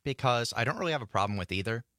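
A man working the board and co-hosting a radio show, speaking in a measured, matter-of-fact way. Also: medium pitch, expressive, fairly bright tone, no room sound, studio quality. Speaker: radio board operator and co-host. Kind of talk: casual radio chat. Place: radio studio. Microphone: studio microphone.

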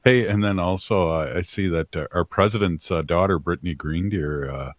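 Deep-voiced relaxed male radio host. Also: no echo, clean studio sound. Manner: relaxed, halting, many fillers. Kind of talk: casual radio chat. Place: radio studio. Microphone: studio mic.

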